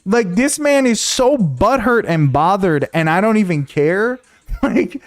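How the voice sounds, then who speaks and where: A man streaming, telling a story to his chat in a casual, animated, profane way, often repeating himself. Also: sits high, a little slow.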